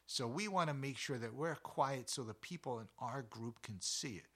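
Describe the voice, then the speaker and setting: Bright, folksy outdoorsy man. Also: mid-range voice, moderate pace. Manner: folksy, animated, jokes, mimics quiet trail voice. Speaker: outdoors host. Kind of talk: casual outdoor tips talk. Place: outdoors in the mountains.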